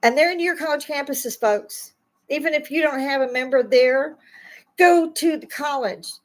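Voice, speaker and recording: On a low-quality recording, a high-sitting female voice at normal speed rants about politics. She's an older YouTube commentator, a self-described grandma, scolding listeners bluntly with growing indignation.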